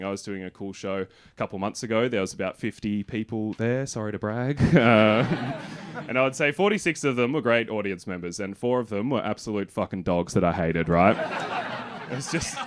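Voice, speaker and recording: A man with an Australian accent doing a self-deprecating stand-up comedy set on a club stage with a handheld mic. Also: mid-range voice. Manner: dry, self-deprecating delivery. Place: comedy venue with live audience.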